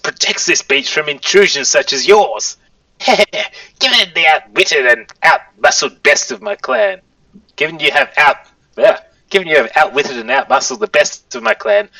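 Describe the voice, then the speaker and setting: A self-important little lizard king, voiced by a man, declaiming in a squeaky, nasal voice pitched a touch high. The tone is bright and gravelly, and the recording is dry and slightly distant from the mic. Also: no room sound, full character voice. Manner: grandiose, rambling proclamation. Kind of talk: tabletop game character voice.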